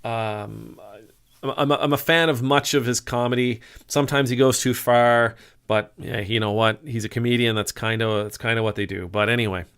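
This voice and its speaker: A man's voice: medium pitch, steady tone, normal speed, fairly bright tone, smooth. A middle-aged man giving a conversational, sermon-like talk, musing aloud with restarts and sudden bursts of emphasis. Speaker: speaker giving a faith talk. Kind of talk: informal sermon-style talk.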